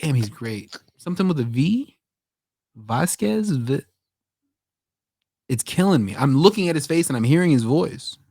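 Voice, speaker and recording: Male podcast co-host, animated and profane, dry close-mic sound. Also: on the high side, unhurried, long pauses, slightly rough, dry recording. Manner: animated, swearing, does mock voices when quoting. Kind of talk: casual chat.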